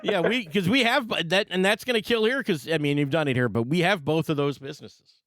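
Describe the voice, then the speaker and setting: A man hosting a podcast from his desk, chatting in an animated, agreeable way and laughing easily. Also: a little high, a little fast, dry recording. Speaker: podcast host. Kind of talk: casual interview chat.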